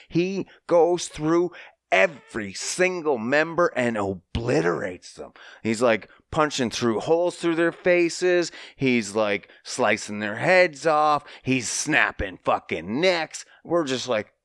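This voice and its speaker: Podcast guy ranting through a tv recap, smooth voice, dry close mic. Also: slow pace, no echo. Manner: animated storytelling with mocking high-pitched asides and profanity. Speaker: podcast host. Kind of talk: casual podcast chat.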